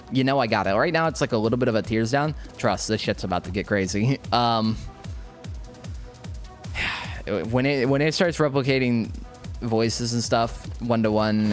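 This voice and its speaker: A young man talks over his gameplay in a loose, slangy ramble, tripping over restarts as his thoughts run ahead of him. His voice sits at an ordinary middle pitch. Quiet game music plays under his talk. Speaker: gaming YouTuber.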